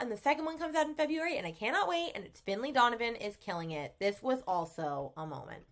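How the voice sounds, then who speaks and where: A woman vlogger chatting casually about books she read, gushing with lots of fillers and sudden animated outbursts. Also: a little high, quick pace, few pauses. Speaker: book vlogger. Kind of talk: casual book review chat.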